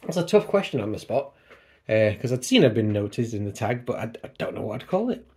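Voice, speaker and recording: This book vlogger chats casually at home by his computer, drifting onto tangents and poking fun at himself. His mid-range voice is sing-song and brisk, a little mellow and slightly rough.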